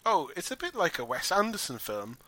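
A man casually discussing a film with a friend in a wry, animated way, swearing now and then. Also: on the high side, fairly quick, dry recording. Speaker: podcast co-host.

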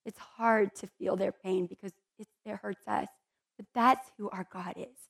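A woman's voice: mid-range voice, steady tone, unhurried, vocal fry, slightly rough. A woman giving a conversational Bible teaching in an earnest, heartfelt way, with chatty asides to her listeners.

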